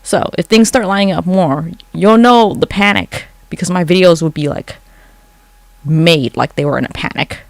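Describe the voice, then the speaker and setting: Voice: medium pitch, moderate pace, creaky, no room sound. A livestreamer chatting casually late at night from home into a phone, rambling, swearing freely and answering comments from chat.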